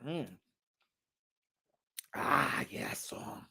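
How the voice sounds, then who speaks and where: A man hosting a boxing live stream, greeting viewers and ranting loudly with lots of profanity and occasional Spanish phrases. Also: medium pitch, animated, extremely slow, gravelly, breathy edge. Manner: loud, hyped, profane, frequent shouting. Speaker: boxing channel host. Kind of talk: live-stream commentary and viewer shout-outs.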